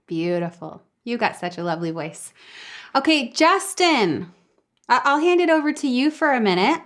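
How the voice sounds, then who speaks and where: A woman vocal coach hosting a live online singing lesson, praising students and handing over to a colleague in a relaxed, conversational way. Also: a little high, moderate pace.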